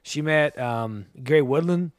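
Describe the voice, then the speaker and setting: Chatting casually on a podcast he co-hosts, a man spins animated stories and performs other people's quotes. He speaks at a measured pace in a voice on the high side, and the studio-quality recording is dry.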